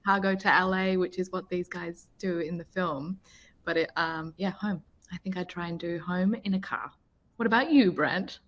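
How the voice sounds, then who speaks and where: A woman from Australia with an Australian accent, an actress talking casually about her new film, chatty and quick to laugh. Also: on the low side, steady tone. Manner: chatty, laughs often, warm praise of co-star. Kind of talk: casual promotional chat.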